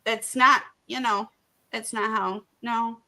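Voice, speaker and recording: A woman's voice: a little high, steady tone, slow pace, gravelly, pushed and bright. A woman from England co-hosting a podcast in casual chat, chatty and playful, talking over the others. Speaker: podcast co-host.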